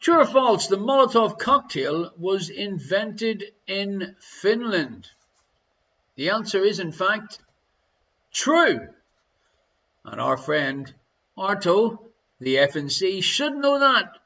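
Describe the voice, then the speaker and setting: A man's voice: sits high, big pitch swings, slow, pushed and bright, lo-fi sound. An Irish man hosting a live online quiz from his living room, reading questions and answers with a jokey, chatty manner. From Ireland. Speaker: quiz show host.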